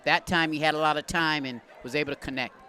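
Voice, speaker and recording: A man calling a local high school football game as play-by-play announcer from the press booth. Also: fast. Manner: excited shouting on big plays. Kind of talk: local sports commentary. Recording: loud crowd and music behind.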